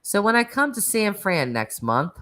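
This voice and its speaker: A woman's voice: mid-range voice, sing-song, moderate pace, fairly bright tone. A woman with a Northeastern American accent, hosting a casual live-stream chat and reading out viewers' comments, talking in a chatty, rambling way full of "like" and laughter. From Northeastern United States.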